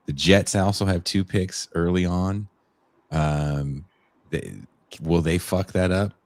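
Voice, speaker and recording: A man's voice: deep voice, fairly even intonation, slow, darkish tone, no room sound. A man from the Bay Area co-hosting a podcast, rambling in a laid-back, profane way. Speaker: podcast co-host. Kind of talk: casual chat.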